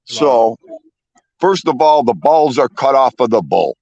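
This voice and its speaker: A man's voice: mid-range voice, lively intonation, measured pace, gravelly, a little mellow, no echo, dull audio. A man in a casual chat, talking bluntly in an old-school way. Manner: blunt old-school talker, swears freely.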